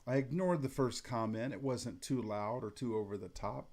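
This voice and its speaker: A middle-aged man talks umpires through handling coaches in a calm, matter-of-fact way. His voice is mellow and warm rather than bright, and when he acts out what to say on the field, his tone stays level and unhurried. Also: medium pitch. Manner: calm, matter-of-fact, demonstrates lines in a flat even tone. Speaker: umpire instructor. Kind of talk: instructional talk to umpires.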